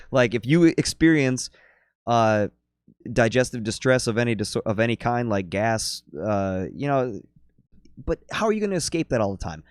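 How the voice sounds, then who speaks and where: A man's voice: medium pitch, dry recording, clean studio sound. A man who works as a fitness and nutrition coach, talking bluntly in a casual podcast chat and swearing often. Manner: blunt, swears freely, slips into mocking voices.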